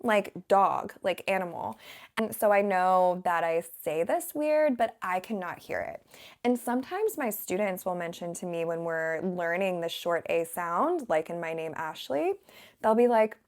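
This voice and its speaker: An American woman from the Southern United States, an English teacher chatting casually to camera in a relaxed, rambling way and laughing often. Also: fairly low pitch, measured pace.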